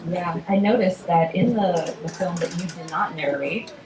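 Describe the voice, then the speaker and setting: A woman moderates a festival panel, putting curious questions to a guest with small hesitations. Her voice is fairly low. The recording is echoey, with steady noise behind her. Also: moderate pace. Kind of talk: interview questions. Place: festival panel stage, indoors. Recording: echoey room with background noise.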